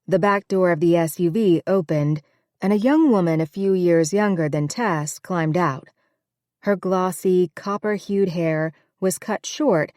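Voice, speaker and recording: Woman audiobook narrator, low, steady, dry close recording. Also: no room sound. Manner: steady, even reading. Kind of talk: scripted narration.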